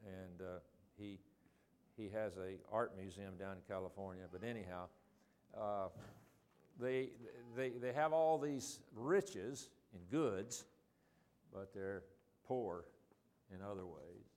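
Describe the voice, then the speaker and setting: Older male study leader, low voice, chatty and halting, reads quotes slowly. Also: a little mellow, a little hiss or hum. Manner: rambling, many ums and restarts, reads quotes slowly. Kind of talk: informal group Bible study.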